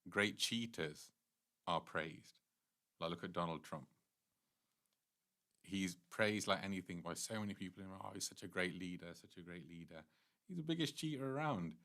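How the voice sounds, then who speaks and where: A man with a very low, deep voice leads a devotional class. He retells a scripture story earnestly, and breaks off and restarts sentences as he explains. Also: fairly bright tone. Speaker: temple speaker.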